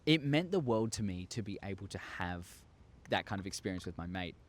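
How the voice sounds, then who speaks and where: A young man telling a story to his viewers, excitable and acting out scenes with sound effects. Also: low-pitched, brisk. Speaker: YouTuber. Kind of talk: casual storytelling monologue.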